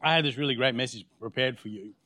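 Male pastor, mid-pitched, storytelling sermon, acts out dialogue, dry close sound. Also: fast talker, sharp tone, no room sound. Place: church.

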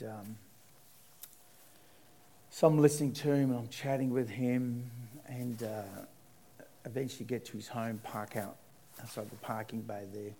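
A man's voice: medium pitch, mellow. An Australian man, a church leader, telling a personal story as a testimony, his voice rising and dropping as he goes.

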